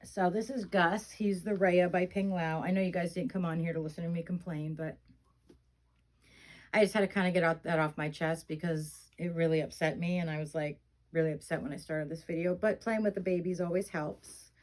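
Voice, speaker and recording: A middle-aged woman talking casually to her viewers in a slightly low voice. She rambles with plenty of fillers, venting her frustration before softening into fond, cooing remarks. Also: steady tone, a little fast, rough recording. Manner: rambling, frustrated venting, fond baby talk about the dolls. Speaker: reborn doll vlogger. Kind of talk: casual chat.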